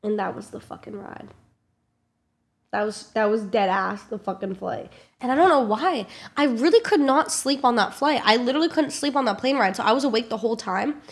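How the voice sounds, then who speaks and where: A young woman streamer telling a casual story to her chat, animated and swearing a lot. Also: on the high side, fairly quick. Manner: animated, swears a lot, acts out loud kids.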